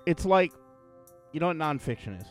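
A man co-hosting a casual podcast, cracking jokes and quick comebacks. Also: a little high, very animated, faint music behind. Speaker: podcast co-host. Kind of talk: casual chat.

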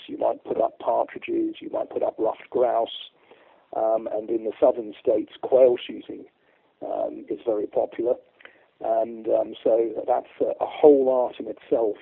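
A man's voice: mid-range voice, gravelly, slightly rough. A man, a guest shooting expert, chatting in a rambling way with many fillers in an interview. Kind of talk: casual interview storytelling. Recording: tinny phone-like line.

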